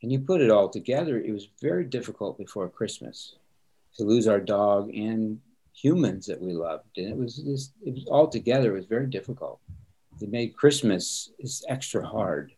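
A man's voice: on the low side, animated, normal speed, mellow, husky. A middle-aged man, a pastor, speaking earnestly and reflectively in a conversation, often repeating words as he starts sentences. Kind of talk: conversational interview answers.

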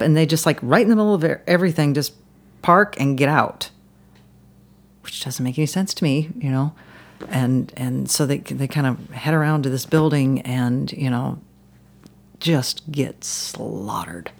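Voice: medium pitch, gravelly. Rambling podcast guest telling a story. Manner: rambling, many restarts and "you know"s. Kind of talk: casual storytelling interview.

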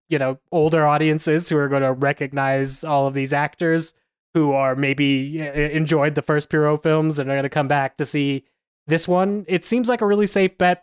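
A man's voice: a little high, clean tone, no echo, studio quality. A man co-hosting a podcast, reviewing a film in casual chat with many hesitations and fillers. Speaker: podcast co-host.

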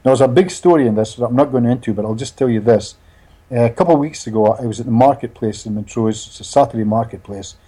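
In a casual interview, a man appears as a hypnotherapist guest, telling stories with animation, laughing often and repeating his words. His voice sits at medium pitch, moves at a quick pace, and carries a breathy edge.

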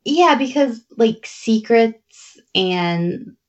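A woman's voice: a little high, expressive, very slow, highs cut off. A woman co-hosting a horror film podcast in casual chat, wry and dry-humored. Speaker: podcast co-host.

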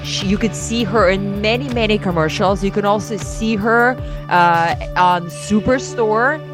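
A woman's voice: medium pitch, measured pace, over music. A woman co-hosting a podcast, chatting loosely and introducing a guest. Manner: chatty, restarts often, reads introductions loosely. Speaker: podcast co-host. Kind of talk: casual podcast chat.

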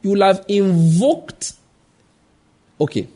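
A pastor preaches slowly in a high-pitched, expressive voice with a dark tone. He asks the congregation rhetorical questions, acts out the quoted voices in his stories, and tells tales about his own family.

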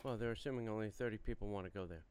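A man's voice: on the low side, racing, a little mellow. A man co-hosting a podcast, laid-back and agreeable in casual chat. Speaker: podcast co-host.

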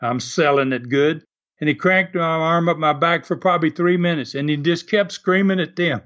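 Older man telling lively stories. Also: fairly high pitch, normal speed, highs cut off. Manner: animated storyteller, laughs often. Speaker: former wrestler, guest. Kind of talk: storytelling interview.

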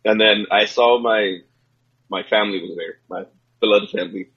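A man in his forties co-hosting a podcast, joking and swearing casually in relaxed chat. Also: fairly low pitch, moderate pace, slightly rough, dull audio. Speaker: podcast co-host.

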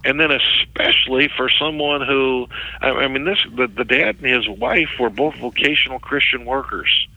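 A middle-aged man, a ministry worker, recounting a story as an interview guest in a halting way, often repeating words. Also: medium pitch, bright, forceful tone, no room sound, dull audio.

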